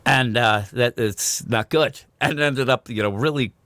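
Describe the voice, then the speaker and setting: A man's voice: medium pitch, a little slow, no room sound, studio quality. A middle-aged man co-hosting a podcast, telling a story in casual chat, swearing and acting out what others said. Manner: animated storyteller, swears, acts out quotes. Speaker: podcast co-host.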